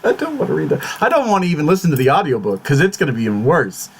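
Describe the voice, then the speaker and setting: Agitated man ranting in a lively voice. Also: on the high side, rapid-fire, creaky, slight background noise. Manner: swears a lot, repeats and restarts words in agitation; fretful, exclamatory. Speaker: YouTube channel host. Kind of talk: casual vlog talk.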